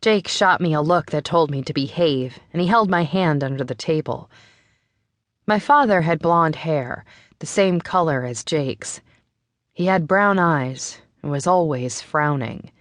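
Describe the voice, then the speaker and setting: A woman narrating a first-person novel in a steady, measured way. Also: deep voice, no echo. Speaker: audiobook narrator.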